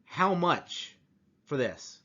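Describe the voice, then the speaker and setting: Brief: stammering, incredulous envoy, put on by a man in a deeper voice, lo-fi. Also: sing-song, extremely slow, sharp tone, full character voice. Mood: stunned. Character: stunned, flustered American envoy, man.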